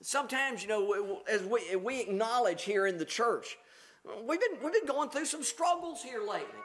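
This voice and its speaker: A pastor preaching a conversational sermon, reading scripture aloud and explaining it with frequent fillers and restarts. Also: male voice, very high-pitched, animated, moderate pace, fairly bright tone.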